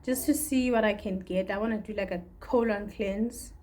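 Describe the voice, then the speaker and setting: A woman's voice: mid-range voice, normal speed, dark tone. A young woman from Africa, talking through a candid, rambling personal video diary. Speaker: vlogger.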